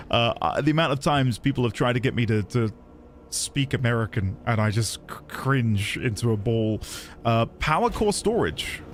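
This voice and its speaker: A man giving casual live-stream commentary, chatting with viewers while he plays and thinks aloud. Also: mid-range voice. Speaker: streamer playing a video game.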